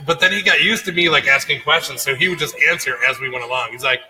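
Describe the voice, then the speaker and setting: A man co-hosting a podcast, telling a story in a casual, animated way and acting out the people he quotes. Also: medium pitch, quick pace, hardly any pauses, slight background noise, poor audio. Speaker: podcast co-host.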